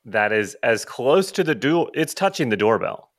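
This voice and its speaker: Brief: male co-host, mid-pitched, dry sarcastic jabs and irritable rants. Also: big pitch swings, moderate pace. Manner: sarcastic, profane quips and grumbling. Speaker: podcast co-host. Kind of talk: casual chat.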